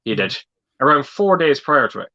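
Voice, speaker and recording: Bright-voiced man on dull audio. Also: mid-range voice, big pitch swings, moderate pace. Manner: rambling storyteller, repeats words. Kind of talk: casual livestream chat.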